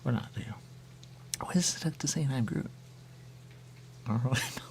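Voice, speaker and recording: A man's voice: medium pitch, animated, fast talker, gravelly, slight background noise. A man hosting a radio show, rambling and musing aloud in casual chat.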